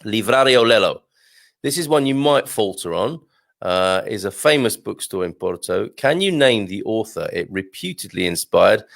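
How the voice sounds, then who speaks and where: A man's voice: lowish voice, gravelly, fairly bright tone, no echo, studio quality. A man hosting a live news and quiz show, chatty and jovial, with lots of fillers and chuckles, a little sluggish this morning. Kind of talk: casual live-stream hosting. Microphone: desktop mic at a computer.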